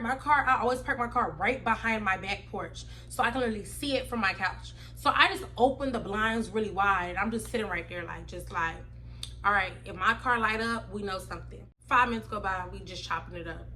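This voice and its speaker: A woman telling a wild personal story on her vlog, animated and slangy, acting out everyone's voices. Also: fairly high pitch, slight background noise. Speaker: vlogger.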